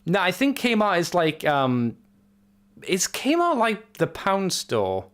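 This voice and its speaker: A man's voice: high voice, huge pitch swings, slow pace, a bit bright, smooth. A man co-hosting a casual podcast, joking around and trailing off into uncertain asides. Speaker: podcast co-host.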